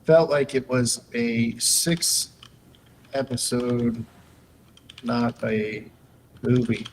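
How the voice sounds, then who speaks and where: A man's voice: medium pitch, very slow, slight background noise, low-quality recording. A young man hosting a casual live stream, joking loosely and reading chat aloud as he clicks around. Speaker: streamer and host.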